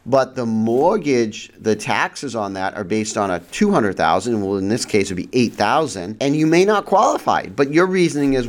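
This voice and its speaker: A man hosting a real estate advice show, talking casually with frequent restarts, rhetorical "right?" checks and sudden jumps in pitch for emphasis. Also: big pitch swings, moderate pace, few pauses. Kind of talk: casual explanatory monologue. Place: central New York region.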